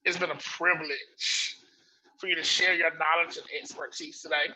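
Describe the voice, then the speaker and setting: A male show host with a strikingly bright, sharp-edged voice, pitched a little high for a man. He talks emphatically and keeps echoing his guest's words back. A faint noise sits behind him. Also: fairly even intonation, moderate pace. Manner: emphatic, repeats what the guest says. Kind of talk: interview talk.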